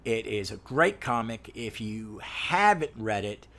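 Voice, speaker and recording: A man's voice: on the low side, big pitch swings, measured pace, fairly bright tone. A man hosting a comic book review podcast, talking with eager enthusiasm and pleading with listeners. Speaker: podcast host.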